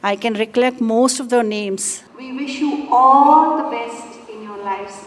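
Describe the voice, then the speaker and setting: A woman's voice: fairly high pitch, unhurried, big-room sound. A woman teacher addressing former students in an earnest way. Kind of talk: farewell address at a school event. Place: school hall.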